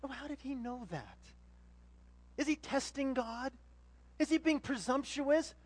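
A man preaching a sermon, animated, swinging between loud exhortation and quiet asides. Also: extremely high pitch, measured pace, long pauses.

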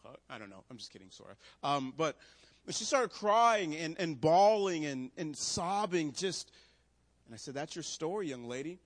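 A man, a pastor, preaching a sermon to a room, moving between loud emphatic preaching and quiet storytelling. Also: fairly high pitch, big pitch swings, a little slow. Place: church room.

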